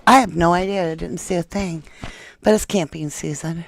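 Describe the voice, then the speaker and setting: A woman's voice: fairly low pitch, normal speed, gravelly, dry recording, clean studio sound. A woman hosting a true crime podcast in a casual, chatty way, talking straight to her viewers and reading a document aloud.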